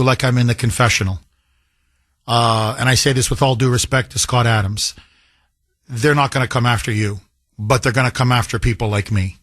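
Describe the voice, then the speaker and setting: A man's voice: mid-range voice, fairly bright tone, dry recording. A man hosting a political talk radio show, delivering an emphatic monologue and repeating phrases for effect.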